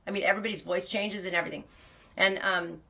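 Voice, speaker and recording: Middle-aged woman, quick rambling delivery, gravelly fry, candid confessional monologue. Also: mid-range voice, steady tone, bright, forceful tone. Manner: rambling, self-interrupting and candid. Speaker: podcast host.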